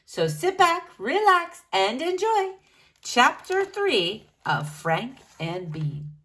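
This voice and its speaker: A woman teacher narrates a beginner chapter book for children in a gentle storytelling voice. Her pitch is high and swoops widely, her tone bright, her pace slow and deliberate. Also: very animated. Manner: sing-song, gentle storytelling. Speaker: teacher reading aloud. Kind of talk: children's read-aloud narration.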